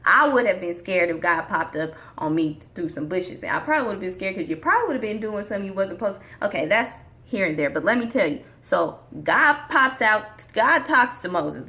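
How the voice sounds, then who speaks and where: Woman, vlogger, casual faith talk, slangy, preachy, bright voice. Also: mid-range voice, sing-song, fairly quick, hardly any pauses.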